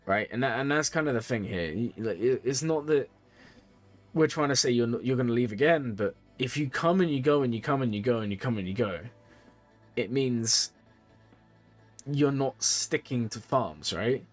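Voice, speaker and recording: A man's voice: normal speed, soft background music. A man streaming live, giving casual, rambling game advice to viewers, a bit tired. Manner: chatty, rambling, repeats phrases, lively pitch. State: tired, yawning. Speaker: streamer reviewing game accounts.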